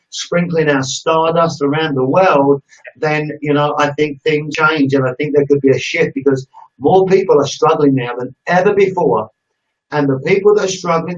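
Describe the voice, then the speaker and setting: A British man hosting an online interview, pouring out praise and storytelling with lively gusto. His voice sits a little high. It comes through far from the mic on a muffled, lo-fi call. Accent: British English. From United Kingdom. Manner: effusive, warm-hearted, storytelling with gusto. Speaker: interview host. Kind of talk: enthusiastic live-stream sign-off.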